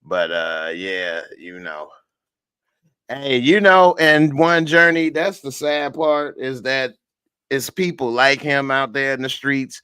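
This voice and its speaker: A man's voice: mid-range voice, slow, pushed and bright, smooth, no echo. Tired, slangy man reviewing TV. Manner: laid-back, slangy, tired late at night. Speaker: TV show reviewer. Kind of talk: casual live-stream chat, reading viewer comments.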